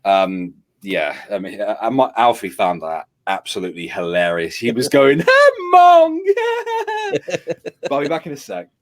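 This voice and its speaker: A British man in his thirties, co-hosting a stream and telling a rowdy story in casual chat, swearing freely and acting out his own shouting. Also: low-pitched, lively intonation, moderate pace, no room sound. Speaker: streamer and co-host.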